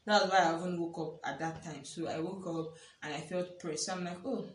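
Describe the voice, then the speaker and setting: A young woman telling a personal story in casual chat, animated and laughing often as she acts out what people said. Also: on the low side, fairly quick, noisy background. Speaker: vlogger. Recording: echoey room, a bit far from the mic.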